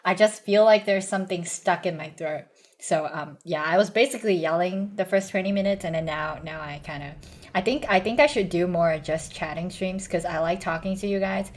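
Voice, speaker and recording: Hoarse young woman chatting, halting. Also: on the low side. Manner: halting, many restarts and ums, self-conscious. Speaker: streamer. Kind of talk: casual chat stream.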